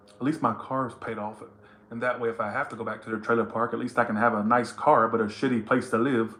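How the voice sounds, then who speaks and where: A man's voice: mid-range voice, steady tone, fast talker, fairly bright tone, echoey room, a little hiss or hum. A man giving a casual tarot reading to camera, blunt, teasing and full of profanity. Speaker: tarot reader.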